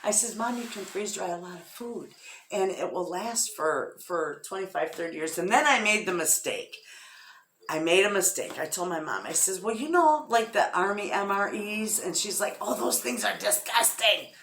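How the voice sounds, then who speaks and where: A middle-aged woman with a Midwestern American accent, chatting casually to her vlog audience and retelling conversations in lively quoted voices. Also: mid-range voice, normal speed. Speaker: homestead vlogger. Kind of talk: casual chat to camera. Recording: echoey room.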